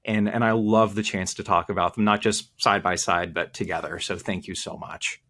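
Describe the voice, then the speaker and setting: A man's voice: sits low, fairly even intonation, normal speed, a bit bright. A young man, a foreign policy expert, speaking earnestly as an interview guest.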